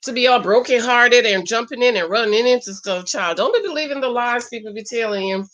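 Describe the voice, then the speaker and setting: A woman's voice: on the high side, brisk, a bit bright, dull audio. A middle-aged woman giving sassy, exclamatory commentary while reacting to a reality show and talking straight to her viewers. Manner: sassy, exclamatory, talks to viewers as "child" and "ladies". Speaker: reaction video host.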